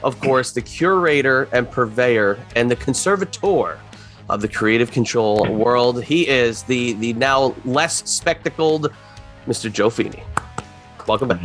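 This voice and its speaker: A man's voice: mid-range voice, expressive, unhurried, a bit bright, soft background music. A man hosting a comedy podcast, introducing his co-hosts in a hyped, announcer-like way. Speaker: podcast host.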